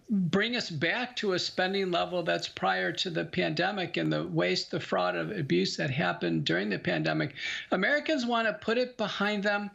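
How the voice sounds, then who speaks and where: A man's voice: sits high, gravelly, bright, forceful tone. A man, a doctor appearing as a guest, speaking earnestly and emphatically over a dull remote feed. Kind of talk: interview commentary.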